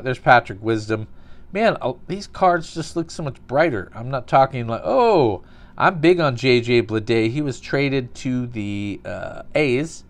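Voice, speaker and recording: A man's voice: mid-range voice, animated, measured pace. A man casually narrating a card opening, calling out cards and telling dry, absurd little stories between pulls.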